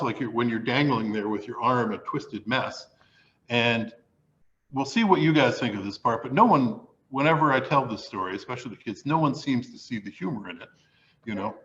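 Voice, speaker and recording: A man spins a comic story before a live audience, mocking himself and acting out the scenes as he goes. His voice sits at an ordinary pitch, and the recording sounds a little dull and lo-fi. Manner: animated, self-mocking, acts out the story.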